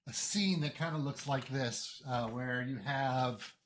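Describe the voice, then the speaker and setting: A man running a tabletop game as game master, talking haltingly with many fillers and restarts. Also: medium pitch, slight background noise.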